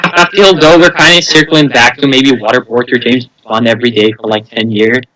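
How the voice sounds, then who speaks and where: Bright-voiced young man rambling on a podcast. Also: mid-range voice, fairly even intonation, a little fast, low-quality recording. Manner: rambling, acts out scenes in silly voices. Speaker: podcast co-host. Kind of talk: casual podcast banter.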